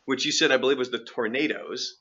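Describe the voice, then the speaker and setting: A man's voice: mid-range voice, brisk, highs cut off, a crowd in the background. A man from Oregon hosting a radio show, teasingly quizzing his co-host in casual banter. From Oregon, USA. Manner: playful, teasing quizmaster.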